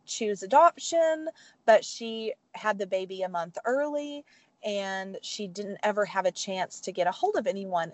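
A woman guest telling a personal story in casual talk, animated and teary, acting out the voices of others as she goes. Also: no room sound. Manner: animated, acts out quoted voices with big pitch jumps; emotional, teary. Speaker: podcast guest.

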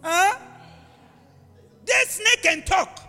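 A man's voice: very high voice, extremely slow, bright, forceful tone, in a large hall, faint music behind. A male pastor preaching a live sermon, telling stories with acted-out voices and animal sounds.

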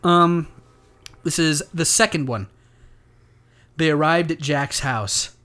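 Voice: mid-range voice, slow, a bit bright. A storyteller reading a silly story aloud to friends, often breaking into giggles. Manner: giggly, keeps breaking into laughter.

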